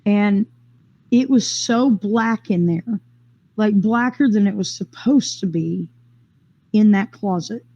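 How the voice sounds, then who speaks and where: A woman telling her own story in a casual, rambling way, with quick bursts, fillers and restarts. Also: medium pitch, dark tone, muffled recording. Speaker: interviewee sharing a personal experience. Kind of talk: casual first-person storytelling.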